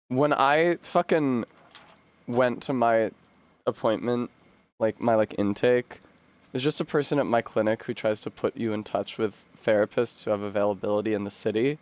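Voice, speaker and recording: A man's voice: medium pitch, normal speed, darkish tone, smooth, no room sound. A young man from the United States chatting on a live stream, rambling and wry, swearing and laughing often. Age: young adult. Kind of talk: casual live-stream chat.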